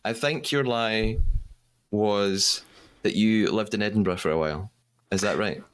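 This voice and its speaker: A man's voice: on the low side, measured pace, smooth. Chatty male podcast host. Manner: friendly, chatty, laughs easily. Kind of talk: casual interview chat.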